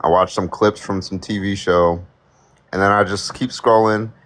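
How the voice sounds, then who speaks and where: A guest on a stream chatting and teasing in a deadpan way. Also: sits low, normal speed. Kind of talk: casual chat on a stream.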